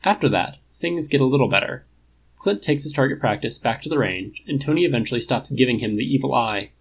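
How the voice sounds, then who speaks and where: A man's voice: mid-range voice, animated, a little fast, creaky, husky, low-quality recording. A man narrating a fan-fiction story in a casual, wry reading style. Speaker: podfic reader.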